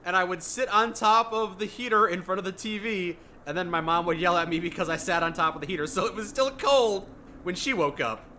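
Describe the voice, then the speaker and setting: High bright guy telling childhood stories, playful and teasing, faint noise behind. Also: a little fast. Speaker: gaming video co-host. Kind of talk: casual chat while gaming.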